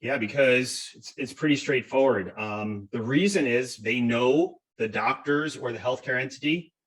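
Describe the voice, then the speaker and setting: A man's voice: mid-range voice, unhurried, a bit bright, recorded from a distance, poor audio. A man presenting as a cybersecurity expert on a video call, explaining step by step and often asking "right?". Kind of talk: webinar presentation.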